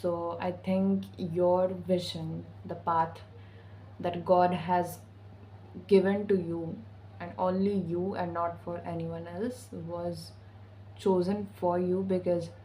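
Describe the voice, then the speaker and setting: A woman speaks slowly and evenly in a mellow, darker voice, sharing intuitive spiritual messages as a vlogger. Her talk is casual and sassy, peppered with slang and swearing. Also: lowish voice, level tone, a little hiss or hum, rough recording. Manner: slangy, profane and sassy, with frequent "okay?".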